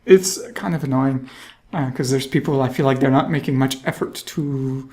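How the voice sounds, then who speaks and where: A woman's voice: rumbling low, steady tone, normal speed, dark tone. Woman, let's play commentary, chatty, laughs often, thinks aloud. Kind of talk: casual gameplay commentary.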